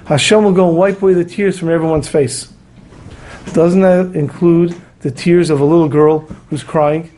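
A man's voice: fairly high pitch, fairly even intonation, moderate pace, warm tone. A man giving an earnest Torah lecture, telling stories and acting out the quotes. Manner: earnest, storytelling with acted quotes. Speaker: rabbi teaching a weekly Torah class.

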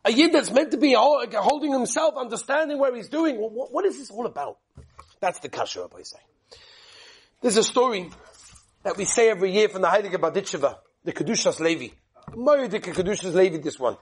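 A man giving a sermon-style Torah talk, telling a story with rhetorical questions and dramatic swings between soft and loud. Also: sits high, animated, a little fast, slightly rough.

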